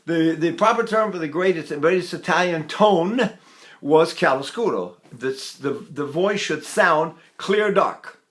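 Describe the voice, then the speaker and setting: A man's voice: a little high, lively intonation, a little slow, fairly bright tone. Older man teaching voice, folksy and demonstrative. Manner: folksy, demonstrative, sings sample vowels and laughs between points. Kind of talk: vocal technique lesson.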